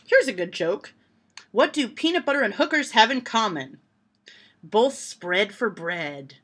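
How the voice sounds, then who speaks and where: A woman vlogging from home, reading joke lists aloud to her camera and laughing at the punchlines. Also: a little high. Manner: reads jokes aloud and reacts with loud laughter. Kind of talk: casual joke-reading vlog.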